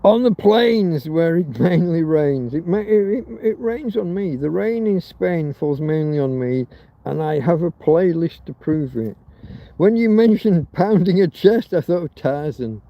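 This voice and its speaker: A man's voice: on the high side, lively intonation, unhurried, lo-fi sound. A man from Britain hosting a rambling livestream chat, crude and joking, swearing freely. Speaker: livestream host. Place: outdoors in a field in Spain.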